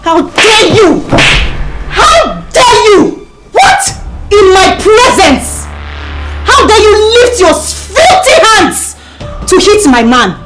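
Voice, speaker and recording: An actress with a Nigerian accent playing a fiery woman who taunts loudly while defending her man. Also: very high-pitched, full character voice, low-quality recording. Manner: loud, taunting, mocking.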